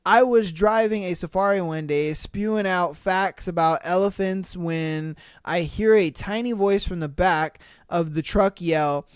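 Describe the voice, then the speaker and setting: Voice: mid-range voice, measured pace, few pauses, clear, resonant tone, dry recording, studio quality. A podcast host casually reading online stories aloud and reacting with frequent laughter and profane slang.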